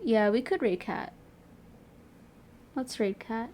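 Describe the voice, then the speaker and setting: This young woman streamer speaks slowly in a voice on the high side with a darkish tone, with a little hiss or hum in the background. She's chatting casually and playfully with a friend on a livestream, using lots of fillers, especially "like."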